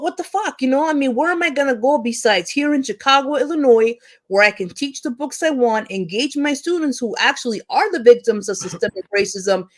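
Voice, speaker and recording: A woman teacher speaking in a heated, impassioned discussion, swearing freely and often restarting her sentences as she rants. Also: medium pitch. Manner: heated, profane, ranting; frequent restarts and stumbles. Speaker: teacher and panel guest.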